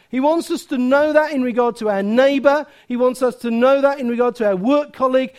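A man preaching a sermon in a lively, joking way, with sudden loud outbursts. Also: very high-pitched.

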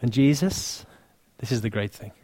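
A man with an English accent preaching a sermon, earnest and warm, dropping to soft, hushed lines for emphasis, with touches of dry humor. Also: medium pitch, normal speed, husky, no room sound. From England. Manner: earnest, softening to near-whisper on key lines, dry humor.

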